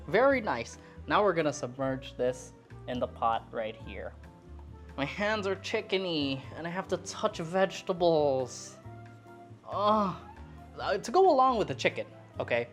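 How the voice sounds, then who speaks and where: A woman's voice: very animated, a little slow, soft background music. A woman chatting casually as she cooks in her home kitchen, playful and talkative. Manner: playful, chatty, swoops up in pitch for emphasis. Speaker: cooking vlogger. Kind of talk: casual cooking chat.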